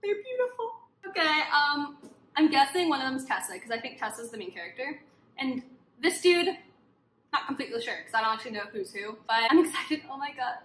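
A high, bright woman's voice, bubbly and gushing as she chats to her viewers about what she unboxes. The sound is roomy and echoey, with a faint hiss of background noise behind her. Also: brisk. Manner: gushing, excited, talks to viewers. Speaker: book vlogger. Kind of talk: casual unboxing chat.

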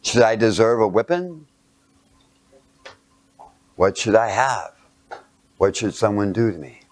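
A man with a fairly low voice preaches by telling a story. He is animated, drops at times to a hushed near whisper, and keeps asking his listeners rhetorical questions. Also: slow. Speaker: speaker. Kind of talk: storytelling sermon.

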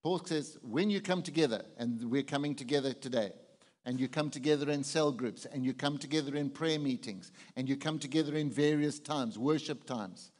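A man's voice: medium pitch, normal speed, darkish tone, big-room sound. A man preaching a conversational sermon as pastor, often putting questions to the congregation. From South Africa.

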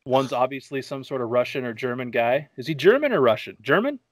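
A man hosts a laid-back movie chat, talking at an ordinary pitch and cracking loose, profane jokes as he rambles through the story. The sound is dry and close, with no room around him. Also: expressive, brisk, dry recording. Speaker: podcast host. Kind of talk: casual movie-review chat.

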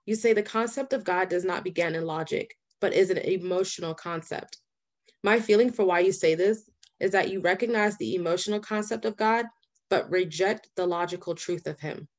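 A woman reading a nonfiction book aloud in a steady, deliberate way. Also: fairly low pitch. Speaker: audiobook reader.

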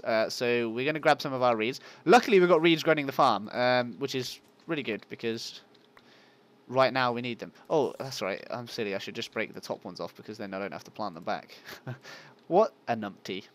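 This gaming host keeps his let's play casual and self-mocking, chatting with viewers and yelping whenever monsters appear. He speaks in an animated, medium-pitched voice at a moderate pace, with no echo.

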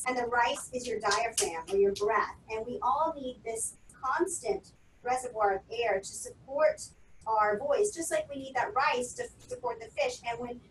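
A woman public speaking coach guides listeners through breathing drills in a calm, instructive way, counting steadily. Her voice sits a little high. The sound carries a roomy echo and some faint background noise, as if she is some distance from the mic.

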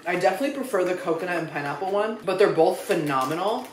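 Fast and animated, a young man with a high voice swears his way through dramatic reactions in a casual food-tasting vlog. Background noise is present, and the room echoes.

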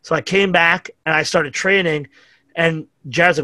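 Middle-aged man, new york accent, profane rambling storyteller, high-ish bright voice, dry close sound. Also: fast, dry recording. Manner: profane, rambling anecdotes with acted-out quotes. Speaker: podcast guest. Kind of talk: casual storytelling chat.

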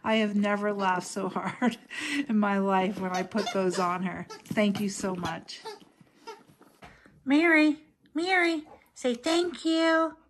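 A woman chatting to her dog in a pet vlog, cooing in a high sing-song voice and laughing often. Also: fairly even intonation, a little slow.

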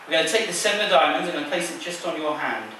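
Rapid-fire and animated, this man's slightly high, sharp-toned voice carries his playful teasing of a volunteer during a live card trick. He's a stage magician in a large theater, heard from a distance with echo and a little hiss or hum.

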